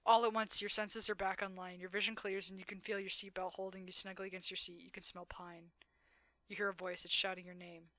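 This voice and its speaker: A woman's voice: medium pitch, flat delivery, brisk, fairly bright tone, no echo. A woman streamer reading a dating game aloud, dramatic narration broken by blunt, swearing asides.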